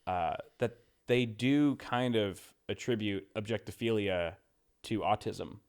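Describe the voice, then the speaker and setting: Podcast co-host, man, low-ish voice, casual, stammers and laughs a lot. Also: unhurried, clean tone. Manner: laughs often, stammers and repeats words.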